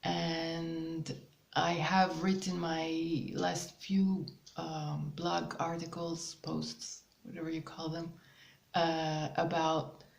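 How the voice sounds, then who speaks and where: Slow, gravelly-voiced woman spiritual host. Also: deep voice, little pitch movement, reverberant. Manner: slow, hesitant, with many ums and soft laughs. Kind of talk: casual spiritual guidance monologue.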